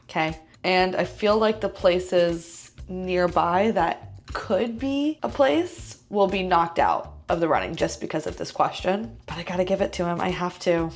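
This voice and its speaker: Low, gravelly-voiced woman vlogging. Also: unhurried, soft background music. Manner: confident, teasing asides. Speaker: hider in a travel hide-and-seek game. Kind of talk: vlog narration to camera.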